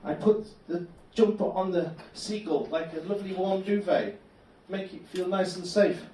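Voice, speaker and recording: A man doing a stand-up comedy set in a club, telling absurd stories deadpan. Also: high-pitched, moderate pace, a little hiss or hum. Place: comedy club bar room. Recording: echoey club room from a distant mic.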